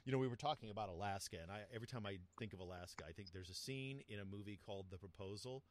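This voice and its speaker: A low-voiced man chatting casually as a podcast co-host, with a faint hiss of noise behind him. He tells stories with animated energy. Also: rapid-fire. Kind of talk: casual chat.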